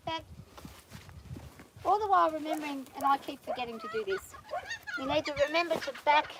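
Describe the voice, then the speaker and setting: A woman working a nervous horse on a farm, calmly coaxing the animal while explaining each step to viewers. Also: high-pitched. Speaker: horse trainer. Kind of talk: narrated training vlog. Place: outdoors on a farm on a windy day. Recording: outdoor recording with loud wind noise.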